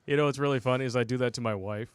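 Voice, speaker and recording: A man's voice: medium pitch, very fast, clear, resonant tone, no echo. A man co-hosting a casual talk show, making wry, dry asides and telling a story about his wife. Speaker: podcast co-host.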